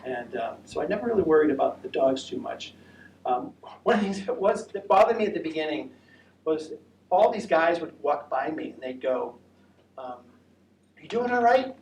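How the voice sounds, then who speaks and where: A man's voice: a little high, lively intonation, normal speed, a little mellow. American man, casual talk presenter, rambling and friendly delivery; roomy sound, faint noise, distant mic. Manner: chatty, rambling, with many fillers and restarts. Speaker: presenter of a walking trip talk. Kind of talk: casual presentation with audience questions. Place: senior center room.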